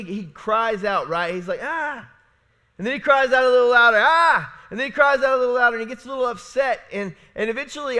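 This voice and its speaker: A man, a pastor, preaching a sermon in a church in a conversational, storytelling way, often asking "right?" and swinging between loud, emphatic lines and hushed, low passages. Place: church sanctuary.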